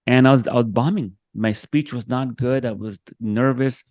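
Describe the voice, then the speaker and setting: A man's mid-range, darkish voice, at a moderate pace and with no room sound, comes through a video-call interview where he is the guest. Telling something from his own life, he gets emotional, imitates what others said, and often starts over.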